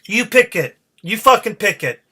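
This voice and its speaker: A man rants alone into his podcast mic, swearing freely and working himself into a fired-up state. His voice has a bright, cutting edge throughout. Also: high voice, big pitch swings, normal speed, husky. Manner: fired-up, profane, ranting. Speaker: podcast host. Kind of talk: solo podcast rant.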